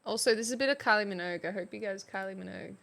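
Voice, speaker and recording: A woman's voice: medium pitch, racing, creaky, a bit bright. A woman streaming as a playful mock substitute teacher, chatting casually and reading out viewers' names.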